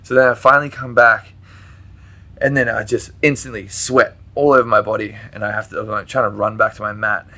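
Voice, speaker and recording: Here a man guesting on a podcast tells a meandering, animated personal tale, talking a little fast in a lowish, bright, forceful voice. He laughs often, curses freely, and fills his speech with "like."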